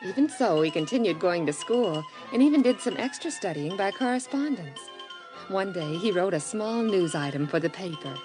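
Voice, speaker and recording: A woman narrating a radio Bible story in a calm, measured way. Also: fairly low pitch. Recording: music under the voice.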